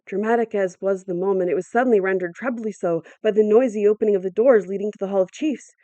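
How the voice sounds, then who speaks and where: A woman narrating an audiobook in a measured, dramatic storytelling manner. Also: mid-range voice, mellow, dry recording, highs cut off. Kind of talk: audiobook reading.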